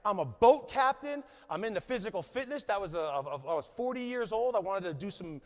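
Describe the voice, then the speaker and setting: A man in his forties delivers an emphatic motivational keynote on a conference stage, his voice pitched notably high. He keeps checking in with the crowd as he talks. The sound carries a long reverb from the large hall. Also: expressive, fast. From New Jersey, USA. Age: 40s. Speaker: conference speaker.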